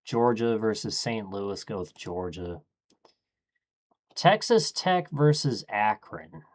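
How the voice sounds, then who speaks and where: A man streaming, thinking aloud in a casual, low-key way as he murmurs his choices one after another. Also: lively intonation, takes it slowly.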